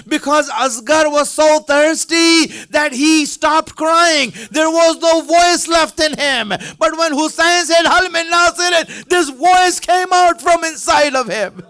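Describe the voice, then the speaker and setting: A man delivering an emotional sermon as a story, repeating lines and at times shouting or breaking into tears. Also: very high voice, slow, few pauses. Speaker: speaker at a religious center. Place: religious center hall.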